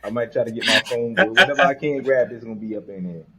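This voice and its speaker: A man's voice: mid-range voice, fast talker, over a noisy crowd, rough recording. A man chats on a casual gaming podcast in an everyday mid-range voice. He talks emphatically, hammering his point by saying it again and again. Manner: animated, emphatic, repeats himself for effect.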